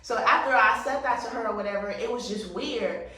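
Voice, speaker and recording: Woman, vlogger, casual storytime, blunt and profane, forceful bright tone, heavy room echo, distant from mic. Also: a little high, a little fast. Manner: blunt, profane, emphatic retelling. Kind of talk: casual storytime while getting ready. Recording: very echoey room, voice set back from the mic.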